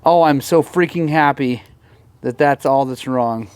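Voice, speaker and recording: Working on a bike in his garage, a male motorcycle vlogger talks loosely to the camera, his mood jumping fast from frustration to delight. He has a smooth, mid-range voice and an excitable manner.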